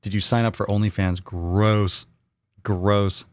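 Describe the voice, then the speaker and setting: A man's voice: lowish voice, flat delivery, takes it slowly, no room sound. An American man hosting a casual live Q&A, rambling and joking with his viewers, often repeating himself. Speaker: livestream host.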